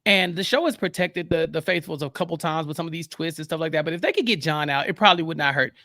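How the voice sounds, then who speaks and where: A man's voice: fairly high pitch, quick pace, pushed and bright, no room sound, clean studio sound. A man guesting on a podcast who talks casually and jokes at his own expense. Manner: joking, self-deprecating. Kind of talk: casual recap chat.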